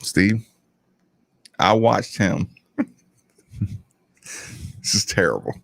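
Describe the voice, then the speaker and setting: A man co-hosting a radio sports talk show, telling a story with animated, self-deprecating banter. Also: on the low side, very slow, creaky, slightly rough, no room sound.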